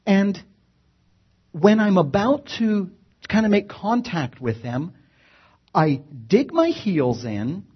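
A man telling a funny personal story in an animated, wry way, acting out the action. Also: high voice, takes it slowly, pauses often, husky, lo-fi sound. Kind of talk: live comic storytelling.

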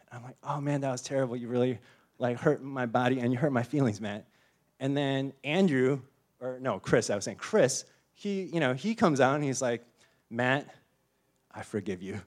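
A young man giving a sermon in an easygoing, conversational way. He tells the story with lots of energy and slips into little acted-out voices. His voice sits at an ordinary middle pitch. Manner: animated storytelling, acts out voices, frequent "you know" and "like". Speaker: pastor.

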